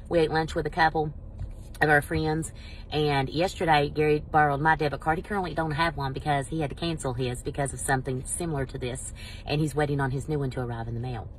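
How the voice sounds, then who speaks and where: A middle-aged woman telling a story in a casual vlog, animated and exasperated. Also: low-pitched, slight background noise. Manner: animated, exasperated, quotes people in voices. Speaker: vlogger.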